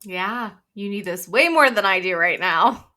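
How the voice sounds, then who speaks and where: Bright-sounding woman cohost, quick agreeing chimes in book chat. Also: mid-range voice, animated. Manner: short reactions, agreeing. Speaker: podcast co-host.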